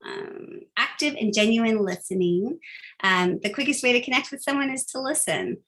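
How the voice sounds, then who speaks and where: A woman's voice: a little high, lively intonation, moderate pace, a bit bright. A woman giving a casual, upbeat phone-skills training talk, chatty and full of fillers.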